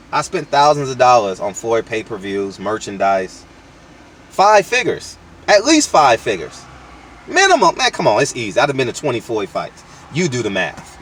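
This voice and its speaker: A man's voice: fairly high pitch, a bit bright, distant mic, a little hiss or hum. A man hosting his channel, delivering a blunt, slangy, profane opinion rant with lots of emphatic restarts, recorded outdoors. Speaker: channel host.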